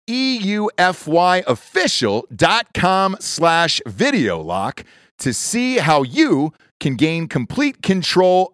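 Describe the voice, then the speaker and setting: A man reading a loud, emphatic advertisement in a pitched-up voice. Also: no echo, studio quality. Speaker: ad reader. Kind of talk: energetic ad read.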